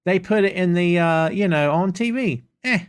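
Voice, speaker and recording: A podcast host with a Southern US accent and a smooth, high voice runs a live question-and-answer show at a moderate pace. His rants are casual but emphatic, with lines repeated for effect.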